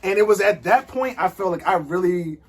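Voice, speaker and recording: Male guest, husky and a touch high, animated storyteller voicing the people in his story. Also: fairly quick. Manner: animated storytelling, acts out his own thoughts and others' lines. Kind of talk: casual testimony storytelling.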